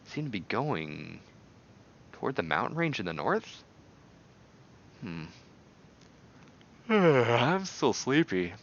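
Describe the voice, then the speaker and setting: A man's voice: medium pitch, sing-song, slow pace, pauses often, highs cut off, slight background noise. A man hosting a casual game playthrough, rambling and joking as he reads along. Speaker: let's play host. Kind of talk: casual gameplay commentary.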